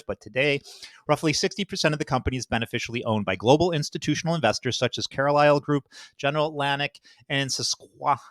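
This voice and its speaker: A man's voice: mid-range voice, a bit bright, no echo. A man commenting casually while reading through a web page, rambling, swearing and correcting himself as he goes. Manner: rambling, profane, self-correcting.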